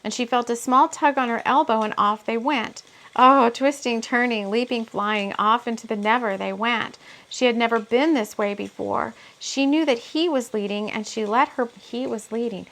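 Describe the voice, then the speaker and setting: A woman's voice: on the high side, moderate pace, a bit bright. A woman who is an author doing an intuitive spiritual reading, thinking aloud with many asides while she reads from her book.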